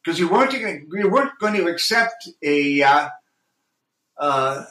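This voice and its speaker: Earnest actor guy being interviewed, forceful bright voice, echoey room. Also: on the high side, expressive, measured pace. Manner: intense, earnest, with many restarts. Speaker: actor and audiobook narrator, guest. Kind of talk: reflective interview talk.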